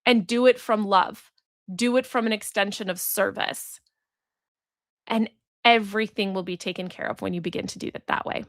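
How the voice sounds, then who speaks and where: A woman's voice: medium pitch, steady tone, moderate pace, no echo, studio quality. A woman hosting a solo podcast, telling a story in an earnest, reflective way and acting out the voices she quotes. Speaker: podcast host and business coach.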